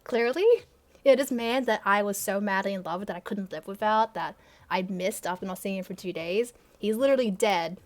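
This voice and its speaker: A woman's voice: mid-range voice, a little fast. A young woman reading her old teenage story aloud and mocking it with sarcastic, self-deprecating asides and frequent laughter. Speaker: channel host reading her teenage fan fiction aloud.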